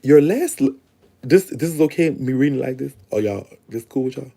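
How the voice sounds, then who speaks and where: A man's voice: mid-range voice, fairly quick, gravelly, warm tone. A young man chatting casually to his viewers, swearing and laughing as he talks, recorded close on a phone or webcam. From Louisiana. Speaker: vlogger.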